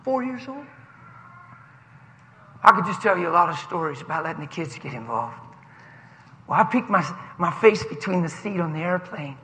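A pastor giving an animated, emotional sermon that he breaks off to greet friends, recorded in a church sanctuary with a long reverb. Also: on the high side, normal speed, long pauses. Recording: long reverb of a large hall.

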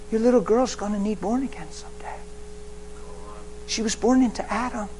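A man's voice: sits high, background noise. A male pastor preaching a sermon in folksy, colloquial phrasing, dropping to whispers and then rising to emphatic exhortation. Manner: emphatic, swinging from hushed whispers to loud exhortation.

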